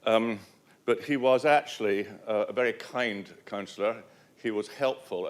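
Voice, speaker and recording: A man giving a council meeting tribute speech, measured and full of ums and uhs. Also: on the low side.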